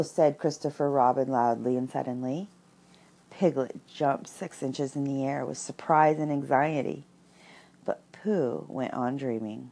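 A woman reading a storybook aloud in a gentle, expressive way. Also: very deep voice, measured pace, creaky, breathy edge. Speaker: reader.

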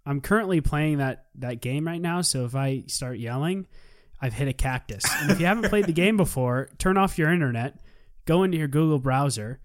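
A man's voice: fairly high pitch, expressive, moderate pace. A man co-hosting a podcast in casual chat, rambling and joking, laughing at his own lines. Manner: rambling and jokey, laughs often. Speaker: podcast co-host.

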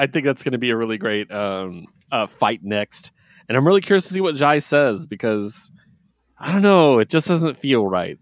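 A medium-pitched man co-hosts a laid-back comic review podcast, animated and often laughing as he acts out lines from the books. The studio-quality sound has no echo.

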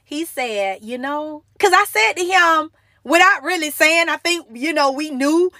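Emotional high-voiced young woman preaching. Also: animated, a little slow, sharp tone, no echo, clean studio sound. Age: young adult. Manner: emotional, earnest, pleading. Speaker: motivational Christian speaker. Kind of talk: casual devotional talk.

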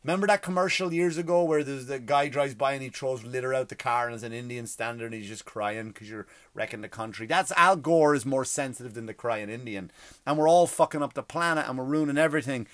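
A man with a mid-range voice ranting for comedy, swearing freely and cutting himself off mid-sentence. He often jumps into loud outbursts. The sound is dry and close, with almost no room. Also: medium pitch, fast, dry recording. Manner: profane, self-interrupting, with sudden loud outbursts. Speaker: podcast host. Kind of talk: comedic rant.

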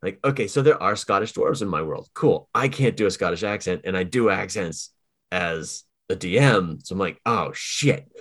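A man's voice: low voice, normal speed. A man co-hosting a podcast and dungeon master, from the Boston area, talking casually in a rambling, wry way with frequent self-corrections. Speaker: podcast co-host and game master. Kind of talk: casual chat.

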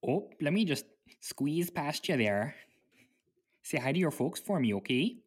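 A woman's voice: low voice, sing-song, measured pace, breathy edge. A woman voice actor in a casual session, repeating a line and joking around.

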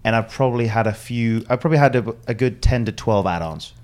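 A man's voice: medium pitch, fast, a little mellow. A man hosting a casual podcast, rambling and repeating words as he laughs along with friends. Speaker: podcast host, golf caddie. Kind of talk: casual chat.

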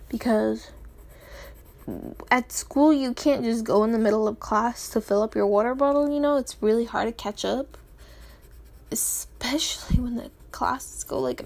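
A woman's voice: fairly high pitch, moderate pace, gravelly. A teenage girl vlogging in a rambling, chatty way, often giggling and apologizing, with a sore, swollen-feeling throat. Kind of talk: casual chat.

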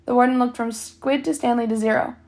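A woman's voice: fairly high pitch, fairly quick. Woman reading a novel aloud, with slips. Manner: steady reading, with slips and self-corrections. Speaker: reader.

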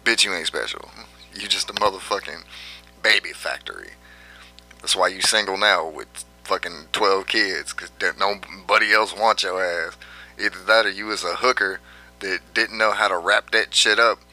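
A man's voice: low voice, moderate pace, bright, forceful tone, faint music behind. A man vlogging a brash, profane rant and laughing often at his own jabs.

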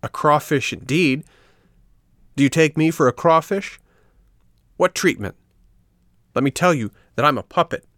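A little wooden puppet boy from a storybook, indignant and frightened, as a male narrator puts him on. His voice jumps far above the reader's own into a loud, shrill protest, with a gravelly edge and a dry close sound. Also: animated, measured pace, no room sound, exaggerated voice.

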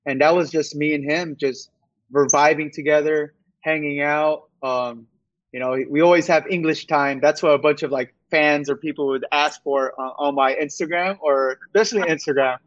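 A man's voice: fairly high pitch, fairly even intonation, moderate pace, no echo, lo-fi sound. A young man, a basketball player, chatting casually in an interview, laid-back with lots of fillers and frequent laughs.

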